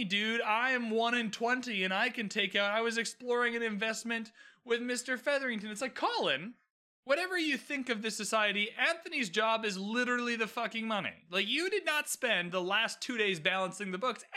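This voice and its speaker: Brief: a male recapper with a high, bright voice and lively pitch swings, ranting hard with plenty of swearing. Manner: swearing, emphatic, opinionated ranting. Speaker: TV recap host. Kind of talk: casual recap commentary.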